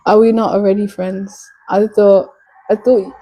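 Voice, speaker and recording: Slow, mellow-voiced woman live-streaming. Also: medium pitch, a little hiss or hum, poor audio. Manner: relaxed, hesitant with frequent ums. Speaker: live-stream host chatting with viewers. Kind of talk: casual live chat.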